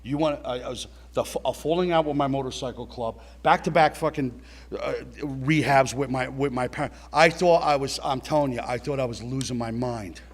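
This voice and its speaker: Talking straight to the room at a recovery meeting, a middle-aged man recounts a blunt personal story and swears as he goes. His voice sits in the mid-range, and he keeps a moderate pace.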